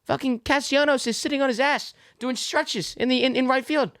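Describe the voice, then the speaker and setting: A young man hosting a sports podcast. He talks in excitable, profane bursts and reacts quickly to his co-host. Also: extremely high pitch. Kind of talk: casual sports podcast chat.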